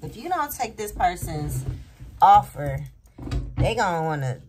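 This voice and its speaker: A low-pitched woman, doing a loose, rambling tarot reading. She keeps checking in with a quick "okay?". A faint hiss sits behind her voice. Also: big pitch swings, a little mellow. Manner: rambling, repeats "okay?" often. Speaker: tarot reader.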